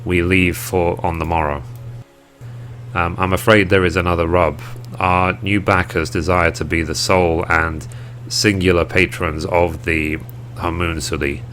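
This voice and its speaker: The leader of a travelling music troupe from a game speaks in dramatic, poetic lines, read aloud by a man. The voice is low and even. Faint music plays behind. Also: unhurried. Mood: theatrical.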